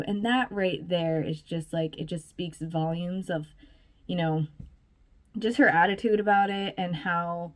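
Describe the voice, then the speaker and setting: A woman's voice: on the low side, fairly even intonation, a little slow. A woman vlogger giving casual, chatty commentary, full of fillers and little laughs.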